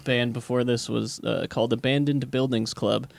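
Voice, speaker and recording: A man's voice: mid-range voice, steady tone, moderate pace, creaky, slight background noise. A man in a band, guest on a podcast, speaking tersely and casually. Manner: terse, says "yep" a lot. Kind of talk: casual interview chat.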